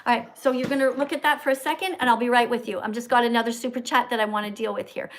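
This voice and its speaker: A woman hosting a live stream in a blunt, bossy, confrontational way, with quick asides to her viewers. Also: a little high, fairly even intonation. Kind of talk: casual live-stream chat.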